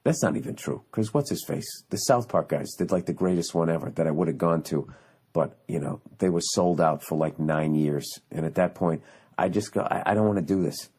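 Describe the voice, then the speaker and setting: A man's voice: a bass voice, moderate pace, a little mellow, slightly rough. A man hosting a podcast, delivering a profane, sarcastic comedic rant that rambles through restarts and asides. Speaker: podcast host.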